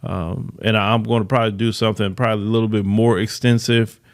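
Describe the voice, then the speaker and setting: A man's voice: on the low side, little pitch movement, brisk. Emphatic man hosting a podcast. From United States. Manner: emphatic, repeats words for stress, reads news then comments. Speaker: podcast host. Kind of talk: news commentary podcast.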